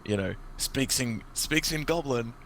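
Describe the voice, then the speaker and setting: A man narrating as dungeon master in a tabletop game, relaxed and halting with many fillers. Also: mid-range voice, a little hiss or hum.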